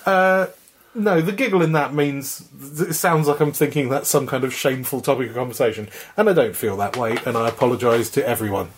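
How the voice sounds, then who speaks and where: A man's voice: medium pitch, brisk. A man co-hosting a casual podcast chat from home, talking loosely and laughing often as he goes. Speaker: podcast co-host. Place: flat at home.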